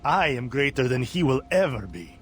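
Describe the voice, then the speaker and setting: A man's voice: medium pitch, big pitch swings, normal speed, soft background music, close to an everyday voice. A man voicing a ruthless, ambitious male army general who talks in a curt, threatening way in a game. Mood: hard. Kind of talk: game voice acting.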